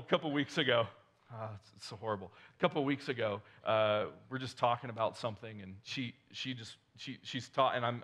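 A man's voice: mid-range voice, fairly bright tone. Man preaching a conversational sermon. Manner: conversational, self-correcting, rhetorical questions to the congregation. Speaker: pastor.

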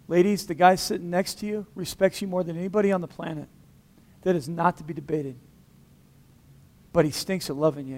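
A man preaching a sermon in a fairly high voice, lively and conversational, with humor mixed in. He acts out dialogue by shifting his voice, and his delivery swings from big and loud to hushed. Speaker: pastor.

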